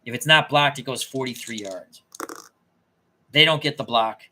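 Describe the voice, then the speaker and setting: A man's voice: medium pitch, normal speed, pushed and bright, a little hiss or hum. A man casually thinking aloud as he plays a tabletop dice game, often muttering and correcting himself. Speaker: tabletop game player and channel host.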